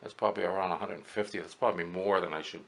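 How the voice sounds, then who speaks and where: An older man, an amateur radio operator, casually talking through an equipment demonstration step by step, pausing often as he works. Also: sits low, steady tone, gravelly. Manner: talks through each step as he works, with many pauses.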